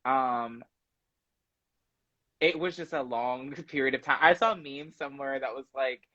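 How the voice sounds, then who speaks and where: A man's voice: mid-range voice, unhurried, pushed and bright. A young man chatting casually as a guest on a live stream, rambling with lots of fillers. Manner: rambling, hesitant, many fillers. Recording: dull lo-fi phone audio.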